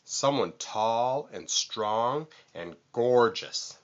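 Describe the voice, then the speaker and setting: A man's voice: fairly low pitch, lively intonation, unhurried, fairly bright tone, dull audio. A man voicing a vain, pushy male vulture in a storybook read-aloud, boastful and screechy.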